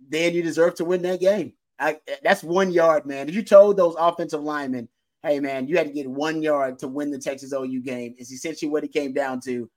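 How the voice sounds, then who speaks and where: Casual sports talk from a man with a somewhat high voice. he breaks down plays in an emphatic, lively way and laughs often. he sounds like a podcast co-host chatting with a friend. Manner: emphatic, animated, laughs easily. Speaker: podcast co-host, football analyst.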